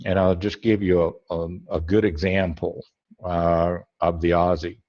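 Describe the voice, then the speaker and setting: A man's voice: low voice, level tone, a little slow. Rambling man teaching trading, muffled audio. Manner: rambling, self-correcting, thinking aloud. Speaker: trading webinar instructor. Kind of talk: screen-share trading tutorial.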